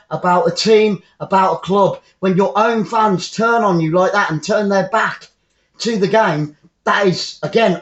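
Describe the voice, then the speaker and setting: A high-pitched man calls a football match live as a fan commentator, blunt and opinionated, often repeating himself. His voice rings in an echoey room.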